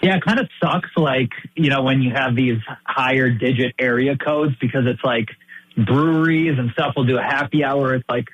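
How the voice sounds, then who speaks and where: A man's voice: mid-range voice, normal speed, breathy edge, highs cut off. A man calling in to a sports radio show, chatting casually in a laid-back, joking way. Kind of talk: casual call-in chat.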